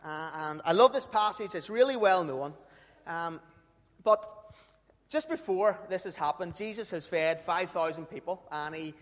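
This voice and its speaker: A man's voice: high-pitched, a little slow. A man preaching a sermon, chatty and often checking in with "okay?". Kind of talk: sermon with a live demonstration. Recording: long hall reverb.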